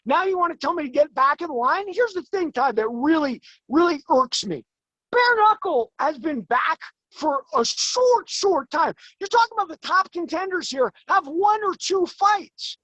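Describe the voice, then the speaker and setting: A man in his forties, a guest in an interview, talking emphatically and fast, his voice climbing as he gets worked up. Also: very high-pitched, lively intonation, pushed and bright, no room sound, low-quality recording. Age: 40s. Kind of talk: heated interview talk.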